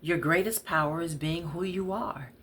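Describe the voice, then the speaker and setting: A woman's voice: lowish voice, normal speed, a bit bright, a little hiss or hum, voice pushed up, natural voice. A woman voicing an earnest man who presses a woman to be honest. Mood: pressing. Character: intense man pleading with a woman.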